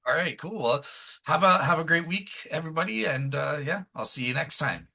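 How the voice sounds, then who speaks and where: Male podcast host, very bright, tense voice, easygoing, casual. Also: on the high side, a little fast, creaky, slightly rough, low-quality recording. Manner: relaxed, casual fillers like "all right, cool".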